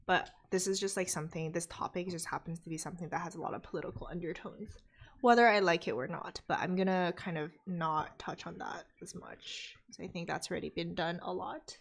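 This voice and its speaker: A woman's voice: lowish voice, fairly even intonation, fairly quick, gravelly. A young woman with a North American accent, hosting a live study stream and chatting casually while she reads viewer comments, laughing often. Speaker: study stream host reading chat.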